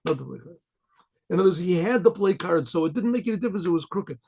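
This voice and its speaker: A rabbi teaching a Torah class in a loose, halting way, repeating words and often clearing his throat. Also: high-pitched, a little mellow, a little hiss or hum. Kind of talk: informal Torah lecture.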